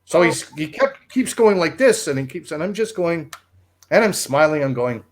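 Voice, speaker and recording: With a fairly high voice at a moderate pace, a man who used to produce radio rambles through a lengthy story on a livestream. There is slight background noise, and he laughs along animatedly as he goes.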